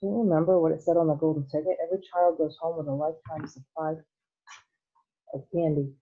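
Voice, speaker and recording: A woman voicing a cheerful, calm, eccentric male candy-maker in a soft reading voice, heard over a tinny phone-like line. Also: sits low, fairly quick, breathy edge. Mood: chatty. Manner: cheerful, calm, a bit hushed.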